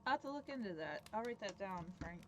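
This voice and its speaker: A woman's voice: mid-range voice, animated, fast talker, background noise. A young woman livestreaming a video game, chatting casually and thinking aloud, sometimes dropping to a mutter. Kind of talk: casual gameplay commentary.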